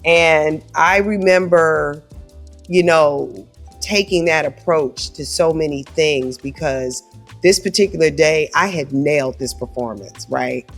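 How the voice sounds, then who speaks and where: A woman's voice: low-pitched, takes it slowly, faint music behind. A woman with a big, scratchy voice, talking animatedly as a guest in a casual interview. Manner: animated, conversational, frequent "right?" asides. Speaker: guest singer. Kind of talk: casual storytelling chat.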